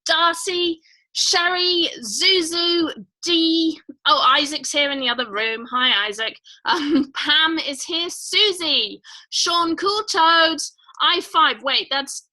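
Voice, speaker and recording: A woman with a high, bright voice hosts a casual livestream. She rambles cheerfully, greets viewers by name and fills her pauses with "um". Her tone stays light and easygoing. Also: poor audio. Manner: rambling, chatty, many fillers. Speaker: livestream host.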